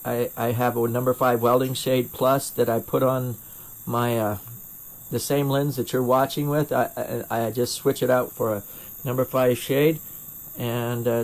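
A middle-aged man with a North Carolina accent, a glassblower chatting casually and a bit self-deprecatingly while he answers viewer questions during a live torch demo, recorded through a first-person camera mic in his home studio. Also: mid-range voice. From North Carolina, USA. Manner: rambling and self-deprecating, with frequent restarts. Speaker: glassblower streaming torch demos.

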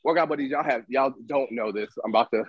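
A man co-hosting a casual debate chat, telling animated stories and acting out what others said. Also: medium pitch, quick pace, slightly rough, no echo, lo-fi sound. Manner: animated storytelling, acts out quoted voices. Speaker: podcast co-host.

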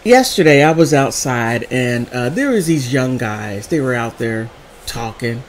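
A woman vlogger telling funny stories in a casual, animated way, laughing often between phrases. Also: a bass voice, a little slow, a little hiss or hum. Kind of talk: casual storytelling vlog.

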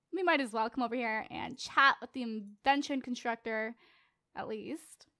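A teenage girl with a bright, high voice talks her way through a game session in a loose, chatty style. She jokes with her viewers and keeps up a playful running commentary. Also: measured pace, dry recording, clean studio sound. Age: late teens. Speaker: let's play host. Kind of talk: casual gameplay commentary.

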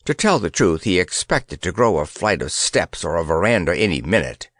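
A man reading a children's storybook aloud in an expressive, measured manner. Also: low-pitched, no room sound. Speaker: audiobook narrator. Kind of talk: scripted audiobook narration.

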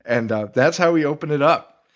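Animated man retelling a movie. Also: fairly high pitch, moderate pace. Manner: animated, retells scenes with quoted voices. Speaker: podcast co-host. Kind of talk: casual chat.

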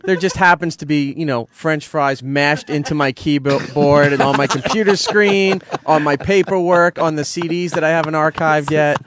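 Hesitant man with halting fillers. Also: a little high, a crowd in the background. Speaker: show staff member. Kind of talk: casual radio banter.

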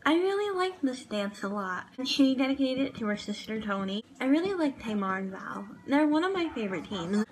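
A woman's voice: on the high side, sing-song, a little fast, hardly any pauses, a little hiss or hum, rough recording. A woman chatting casually in a vlog review of a TV show, gushing and rambling with lots of fillers. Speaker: vlogger reviewing a TV dance show.

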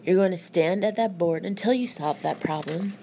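Picture a harsh, snapping schoolteacher, as a woman narrator reads her, low in pitch with a gravelly edge. Her scorn comes out in a flat, even tone, with a slightly muffled sound. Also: moderate pace, slight background noise, close to an everyday voice. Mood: scornful. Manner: snapping, mocking. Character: strict scornful female schoolteacher.

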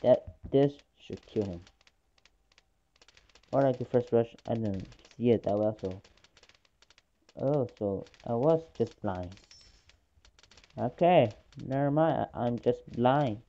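A woman chatting excitedly through live gameplay commentary, swinging between groans and gloating. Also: rumbling low, slow pace, pauses often, highs cut off. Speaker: gaming channel host.

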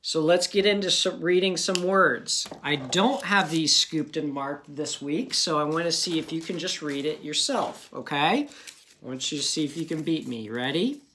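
A man's voice: fairly high pitch, lively intonation, normal speed, sharp tone, a little hiss or hum. A male teacher giving a phonics lesson to children, patiently sounding out words and checking in with "okay?" again and again.

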